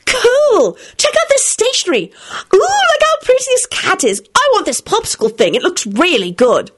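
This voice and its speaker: A woman voicing an excited, chatty little girl who rambles breathlessly. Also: very high-pitched, moderate pace, pitched above the performer's own voice, exaggerated voice.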